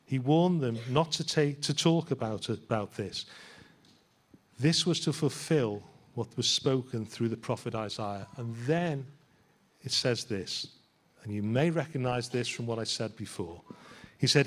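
A man's voice: medium pitch, measured pace. A man, a pastor, preaching a sermon in a church in a conversational way and asking his listeners rhetorical questions.

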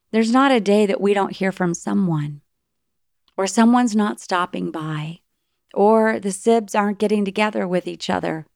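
A woman's voice: lowish voice, a little mellow, no room sound, studio quality. A middle-aged woman giving an earnest, encouraging faith-based talk on parenting, sometimes acting out what parents and children say. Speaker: Christian parenting speaker.

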